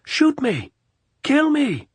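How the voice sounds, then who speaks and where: A man's voice: fairly high pitch, big pitch swings, brisk, slightly rough, no room sound, pitched above the performer's own voice, heavily acted. A man reading an audiobook, voicing a volatile army captain who bellows insults and orders. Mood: raging shout. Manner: bellowing, ranting, taunting.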